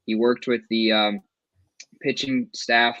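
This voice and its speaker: A man on a sports podcast, calmly breaking down a baseball team. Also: mid-range voice, takes it slowly, no echo. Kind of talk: casual sports podcast chat. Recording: dull dry lo-fi mic.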